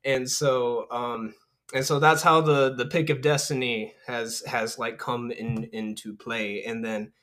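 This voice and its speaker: A man casually retelling a film's plot on a podcast, rambling with many fillers and quick character voices. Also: mid-range voice, steady tone, fairly bright tone. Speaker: podcast host. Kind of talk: casual movie recap.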